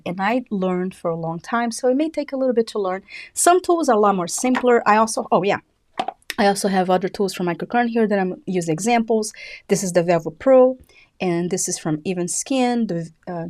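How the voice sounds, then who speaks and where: A woman with a Brazilian accent, a native Portuguese speaker, hosting a live skincare device tutorial and talking fast and excitedly. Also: mid-range voice, no room sound, clean studio sound. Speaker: beauty channel host.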